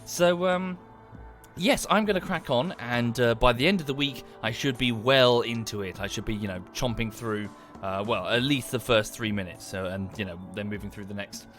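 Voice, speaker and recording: A man's voice: mid-range voice, moderate pace, fairly bright tone, soft background music. A man chatting casually to viewers during a livestream, rambling and thanking them as he goes.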